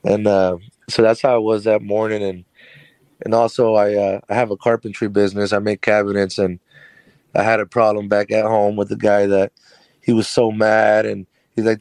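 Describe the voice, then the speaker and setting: A man's voice: fairly low pitch, little pitch movement, moderate pace, a little mellow, no echo. A man who runs a carpentry business, telling a personal story as an interview guest in a chatty, rambling way with frequent laughs.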